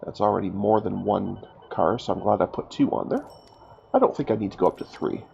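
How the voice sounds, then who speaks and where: Stuffed-up gravelly man narrating gameplay. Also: on the low side, animated, brisk, a little mellow, lo-fi sound, a little hiss or hum. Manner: chatty, self-mocking, thinking aloud. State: stuffed up from a cold. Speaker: gaming YouTuber. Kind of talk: casual let's-play commentary.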